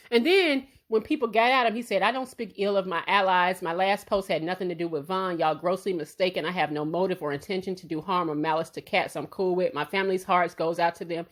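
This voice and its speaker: Woman doing gossip commentary, blunt and animated, cusses a lot, middle pitch. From Chicago. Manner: blunt, animated, swears freely. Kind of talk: casual celebrity gossip commentary.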